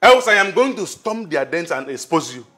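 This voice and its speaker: A man's voice: on the high side, big pitch swings, moderate pace, pushed and bright. An actor playing a man who firmly threatens and confronts a woman. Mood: threatening. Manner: firm, threatening.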